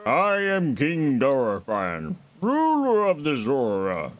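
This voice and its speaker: A man's voice: mid-range voice, huge pitch swings, slow. A man voicing a giant, regal old fish king, using formal old-fashioned speech. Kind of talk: voicing game dialogue on a stream.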